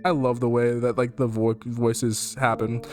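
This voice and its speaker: A man's voice: mid-range voice, flat delivery, measured pace, music in the background. Man streaming a horror game. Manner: swears a lot, laughs, reacts loudly. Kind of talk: let's play commentary, reading game text aloud.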